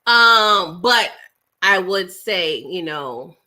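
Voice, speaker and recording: Bright-voiced chatty woman livestreaming. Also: on the low side, extremely slow. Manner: chatty, animated, uses "child" and "y'all". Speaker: livestream host. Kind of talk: casual chat with live viewers.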